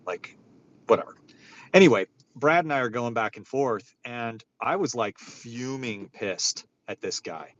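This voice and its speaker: A man's voice: medium pitch, expressive, measured pace, fairly bright tone, lo-fi sound. A man hosting an online audio room, ranting in a profane, rambling, exasperated way. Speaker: host of a social audio room. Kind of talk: casual ranting chat. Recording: faint background noise.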